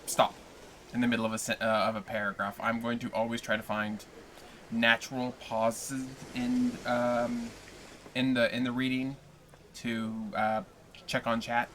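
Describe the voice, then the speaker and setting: Bright-voiced man chatting on a livestream. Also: mid-range voice, level tone, normal speed, a little hiss or hum. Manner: playful, joking, chatty with viewers. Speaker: livestream host and reader. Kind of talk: casual livestream chat.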